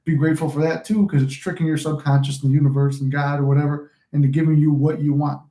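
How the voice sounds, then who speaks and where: Male manifestation coach, casual rambling motivational chat with swearing, warm low-bright tone. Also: level tone, quick pace, roomy sound. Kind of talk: casual motivational talk to camera.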